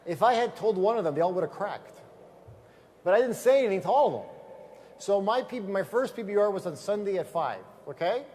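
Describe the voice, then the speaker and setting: A man giving a motivational seminar talk to a live audience, telling lively stories and asking the room questions. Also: high-pitched, a little fast, slight background noise. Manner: energetic storyteller, asks the audience questions. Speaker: business trainer.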